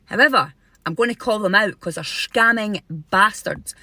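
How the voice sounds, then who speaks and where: A woman's voice: medium pitch, moderate pace, sharp tone, no room sound. A Scottish woman telling an indignant, sweary story to camera. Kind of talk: casual rant to camera.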